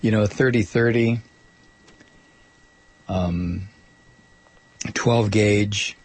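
A man's voice: on the low side, steady tone, very slow, husky. A man hosting a talk radio show, rambling and joking with lots of fillers and restarts. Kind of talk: casual talk radio monologue.

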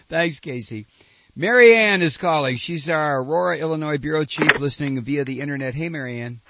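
A man hosting a talk radio show, reading listener mail and taking calls in a blunt, animated way. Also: a little high, normal speed, highs cut off, noisy background.

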